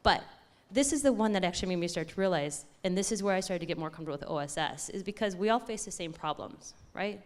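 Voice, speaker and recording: Woman, conference talk, excited and chatty, slightly low voice, corrects herself mid-sentence. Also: quick pace, hardly any pauses. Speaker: conference speaker.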